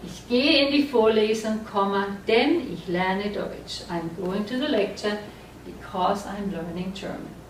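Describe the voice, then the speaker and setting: A woman teaching a German class, explaining slowly and patiently and often checking that the students follow. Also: mid-range voice, slight background noise. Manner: slow, patient explaining with frequent check-ins. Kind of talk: classroom lecture at a board. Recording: echoey room, voice from far off.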